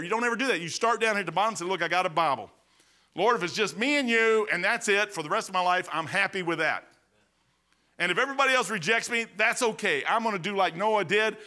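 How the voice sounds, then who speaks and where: Folksy emphatic Midwestern pastor, bright voice. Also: male voice, high-pitched. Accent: American Midwest. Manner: folksy, emphatic, rhetorical questions. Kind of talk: sermon.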